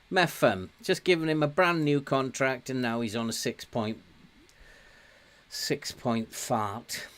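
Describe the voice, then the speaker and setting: Grumbling Englishman commentating a game. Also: medium pitch. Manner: grumbling, self-mocking, talks to the players on screen. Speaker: gaming commentator. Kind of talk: casual let's-play commentary.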